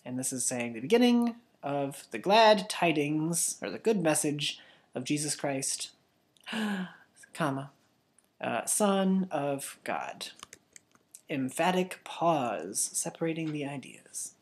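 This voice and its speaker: Woman, children's language teacher, low voice, slow and patient, very lively pitch. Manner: patient, slows words down for pupils to repeat.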